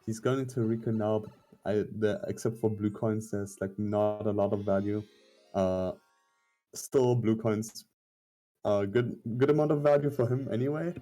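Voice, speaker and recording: Low, dark-voiced male commentator with halting speech. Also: fairly even intonation, faint music behind. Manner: halting, analytical, many fillers. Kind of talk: live esports commentary.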